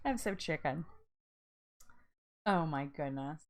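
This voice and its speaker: A woman hosting a casual live-stream chat, bubbly and chatty, laughing often and reacting out loud to viewer comments. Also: on the low side, animated, slow pace, pauses often.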